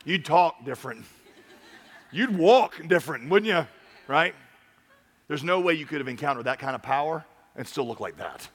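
Emphatic preacher in a reverberant hall. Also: male voice, on the high side, lively intonation, normal speed, long pauses. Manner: emphatic preaching, swinging from loud urging to quiet earnest talk. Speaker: pastor. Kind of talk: sermon. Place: large church stage.

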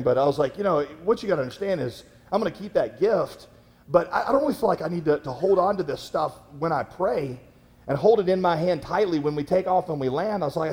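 A man preaching a sermon as a pastor, telling a story in a conversational way, halting with fillers and restarts. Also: sits high, darkish tone, in a large hall.

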